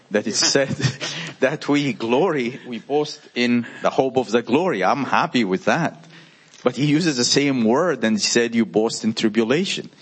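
A man's voice: mid-range voice, a bit bright, husky. A man teaching the Bible in a conversational way, explaining with everyday examples.

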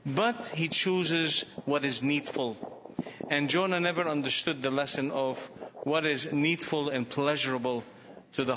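A man speaking earnestly and emphatically in a Bible study discussion. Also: on the high side. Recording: dull recording with hall reverb and faint noise.

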